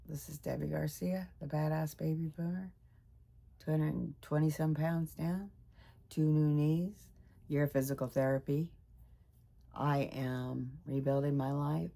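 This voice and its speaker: A woman in her sixties giving a rambling, emotional personal vlog update; her voice jumps high when she gets excited. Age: 60s. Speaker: vlogger.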